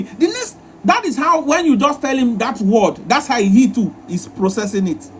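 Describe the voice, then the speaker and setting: Man with a very high voice, relationship advice host, repeats his points, live-stream talk. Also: animated, normal speed, slight background noise. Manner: repetitive, emphatic, lecturing.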